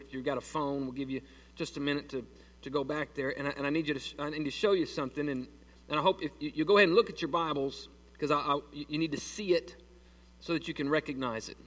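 A man's voice: fairly high pitch, fairly bright tone, recorded from a distance. A man preaching a sermon in a church, folksy and joking with his congregation. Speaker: pastor. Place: church sanctuary.

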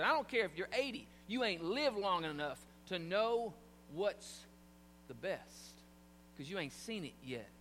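High, bright-voiced preacher man. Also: long reverb tail, a little hiss or hum. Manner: conversational preaching with humor, asides to the congregation. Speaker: pastor. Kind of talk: sermon. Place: church sanctuary.

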